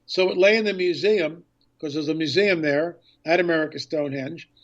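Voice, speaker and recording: A man guesting on a radio interview as an author and filmmaker, telling a story with excitement and acting out past conversations. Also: on the high side, a little fast, highs cut off.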